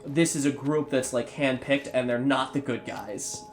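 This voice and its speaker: A man's voice: medium pitch, normal speed, soft background music. Sick, rambling male gamer host. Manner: rambling, many ums and restarts. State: sick and sweating. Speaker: co-host of a gameplay channel. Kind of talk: casual let's-play chat.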